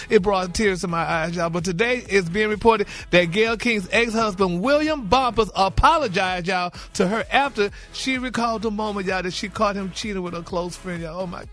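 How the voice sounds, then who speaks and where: A man's voice: high-pitched, fairly bright tone. A man hosting a celebrity gossip segment on a morning radio show, sassy and indignant, calling listeners "honey" and "y'all.". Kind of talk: animated gossip chat.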